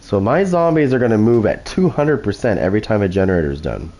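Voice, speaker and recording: A man's voice: on the low side, big pitch swings, fast talker, darkish tone, poor audio. A man hosting gameplay commentary, taunting opponents with constant profane trash talk. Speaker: gaming channel host.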